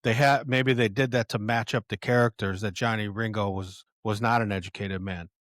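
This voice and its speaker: Low-voiced man rambling through film quotes. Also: fairly even intonation, moderate pace, a bit bright, no room sound, clean studio sound. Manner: rambling, many fillers and restarts. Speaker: podcast host. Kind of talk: casual film commentary, reading quotes aloud.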